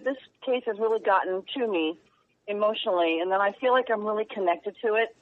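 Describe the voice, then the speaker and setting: A woman journalist speaking as a radio guest in an earnest, halting, heartfelt way. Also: mid-range voice. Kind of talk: phone-in radio interview. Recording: tinny phone line.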